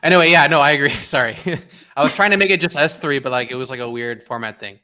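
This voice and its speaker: A young man chats on his livestream in a bright, forward voice. He rambles with animated energy, stacking fillers and restarting his thoughts as he talks to his viewers. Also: medium pitch, quick pace. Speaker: streamer hosting a watch party. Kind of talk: casual livestream chat.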